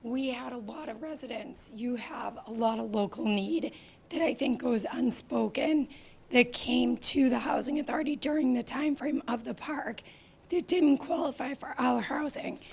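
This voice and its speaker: Hoarse woman speaking softly. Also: on the high side. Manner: soft-spoken, earnest and insistent. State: lost her voice, hoarse. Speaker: housing authority director. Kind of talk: public meeting testimony.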